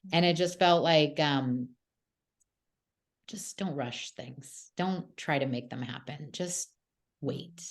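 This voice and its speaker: A woman's voice: low voice, slow. A young adult woman hosting a podcast, telling a personal story in a chatty way with lots of fillers. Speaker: podcast host. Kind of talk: casual podcast conversation.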